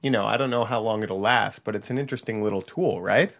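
A man's voice: on the low side, fast talker, creaky, a bit bright. Tech reporter guy just chatting in a tiny kitchen, easygoing, explains stuff. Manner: chatty, explanatory, laughs easily. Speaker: technology reporter. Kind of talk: casual on-air chat. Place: small apartment kitchen.

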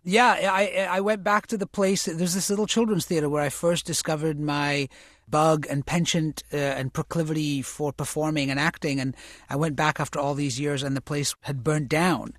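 A man being interviewed about his acting career, talking reflectively and correcting himself as he goes, turning lively when he tells stories. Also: on the high side, normal speed, dry recording, studio quality. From United States, immigrant family. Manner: thoughtful, self-correcting, animated when recounting stories. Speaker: interview guest, actor and author.

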